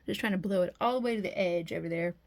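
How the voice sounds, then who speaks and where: A woman with a fairly low, slightly mellow voice talks fast while working on a resin piece in her home workspace. This casual vlog, recorded in low quality, has her thinking aloud and often dropping sentences halfway.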